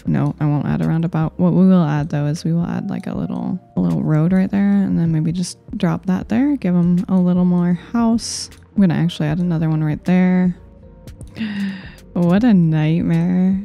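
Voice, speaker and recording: A woman with a low, gravelly and very dark voice talks through her game as she plays. She muses aloud in a wry, self-mocking way while faint music plays underneath. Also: steady tone, moderate pace, highs cut off. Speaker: gameplay commentator. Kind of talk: casual gameplay commentary.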